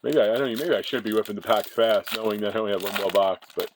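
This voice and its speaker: Speaking fast against a noisy background, this card-breaking channel host has a lowish voice. While opening trading card packs he keeps up casual, rambling talk and frequently corrects himself.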